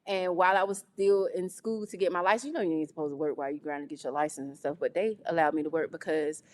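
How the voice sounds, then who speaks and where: Animated lower-voiced woman telling her story. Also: quick pace. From North Carolina. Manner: animated, acts out quoted voices. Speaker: guest. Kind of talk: casual interview storytelling. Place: studio on location.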